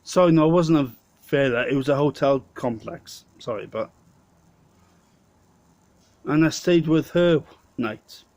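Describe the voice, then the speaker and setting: A man's voice: on the high side, measured pace, long pauses, darkish tone, no echo. A Welsh man with a stutter, telling a rambling holiday story to camera in a pub. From Wales. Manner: stuttering, rambling, self-correcting. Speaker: vlogger. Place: local pub.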